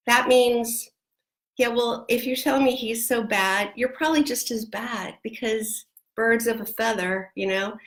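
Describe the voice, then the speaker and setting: Woman, divorce coach, slow deliberate delivery, emphatic repeated warnings. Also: medium pitch, fairly bright tone. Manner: emphatic, repetitive coaching with quick asides. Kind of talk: direct-to-camera advice talk.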